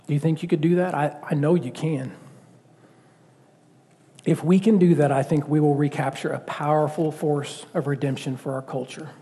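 A man preaching a sermon in a conversational, animated way, often asking the congregation questions. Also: a little high, moderate pace. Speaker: pastor. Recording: long reverb of a church hall.

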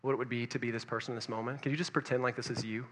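A man preaching a sermon, telling a story that puts his listeners in it, swinging between loud urgency and hushed near-whispers. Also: mid-range voice, steady tone, racing, big-room sound. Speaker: pastor.

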